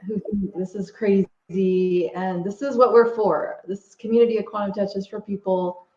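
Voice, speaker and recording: A woman's voice: mid-range voice, fairly even intonation, moderate pace, warm tone. A woman guest speaking in a middle register, searching for words with frequent "uh"s and restarts. Her voice carries a roomy echo, and the sound is a little dull, like a modest online call. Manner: hesitant, many fillers and restarts. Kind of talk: casual interview talk. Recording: echoey, slightly dull audio.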